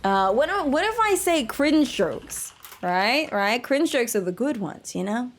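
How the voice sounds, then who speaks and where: A woman's voice: on the high side, sing-song, a little slow. A woman streamer chatting casually with her viewers, playful and jokey, giggling at her own jokes. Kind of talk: casual live-stream chat.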